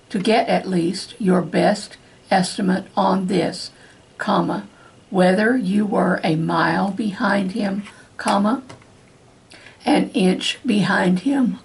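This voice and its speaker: A woman reading a question-and-answer transcript aloud as dictation practice, speaking every punctuation mark in a slow, deliberate, even way. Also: medium pitch, gravelly, breathy edge. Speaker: dictation reader for court reporting practice.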